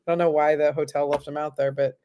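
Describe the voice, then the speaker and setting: A woman hosting a casual chat, easygoing and quick to laugh at her own stories. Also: low voice, flat delivery, mellow, slight background noise. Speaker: host.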